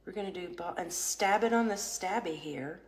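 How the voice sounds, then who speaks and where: A woman's voice: lowish voice, moderate pace, roomy sound. A woman vlogging a casual product test, chatty and rambling, joking aside to her viewers. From United States. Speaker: vlogger product testing a vintage cooker.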